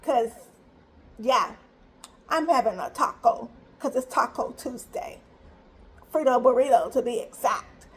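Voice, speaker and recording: A woman's voice: on the high side, unhurried, long pauses. A woman in her thirties, a mother telling a story to her viewers in a chatty, emphatic way, repeating herself for effect. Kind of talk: casual storytime vlog.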